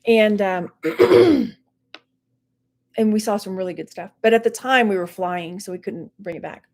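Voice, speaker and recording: A woman's voice: mid-range voice, lively intonation, unhurried, vocal fry, a little mellow. A middle-aged woman from Texas rambling casually on her livestream, laughing often, her mouth dry. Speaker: online reseller hosting a livestream.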